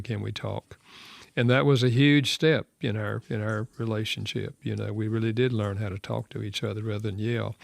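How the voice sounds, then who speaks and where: Older Southern American man, gravelly voice. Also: lowish voice, no room sound. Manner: earnest, reflective, softening to quiet. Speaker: radio show host and author. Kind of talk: storytelling in radio chat.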